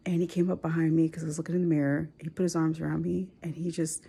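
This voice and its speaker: Tearful woman in her forties, low and gravelly. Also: fairly even intonation, fast talker, hardly any pauses, slight background noise. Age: 40s. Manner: soft, tearful, often drops to a whisper. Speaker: vlogger. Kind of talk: emotional personal vlog.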